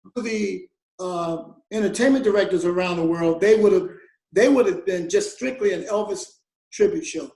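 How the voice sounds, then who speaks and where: Brief: man, guest storyteller, high pitched, lively quoted voices, echoey room. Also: moderate pace. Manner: animated storyteller, acts out quoted voices, laughs often. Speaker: guest musician. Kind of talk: storytelling in an interview.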